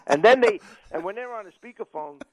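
A man's voice: high voice, animated, brisk, a bit bright. An older man, a restaurant owner telling stories in casual chat. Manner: storytelling, acts out quotes.

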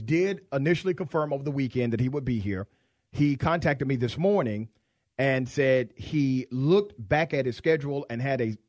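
A man's voice: mid-range voice, a little mellow, no echo. A man hosting a radio talk show from the studio, chatting loosely and joking with listeners. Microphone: studio microphone.

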